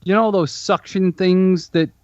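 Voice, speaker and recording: Teasing man with slightly high voice. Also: fairly even intonation, measured pace, no room sound, dull audio. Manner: blunt, teasing, hesitant starts. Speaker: podcast co-host. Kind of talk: casual chat.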